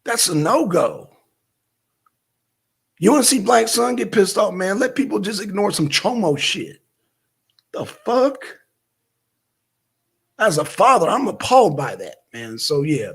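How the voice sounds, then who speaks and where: A man's voice: high voice, sing-song, slow, creaky, long pauses, slightly rough. A male livestream host talking politics in a blunt, profane, heated way from home. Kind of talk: political talk stream.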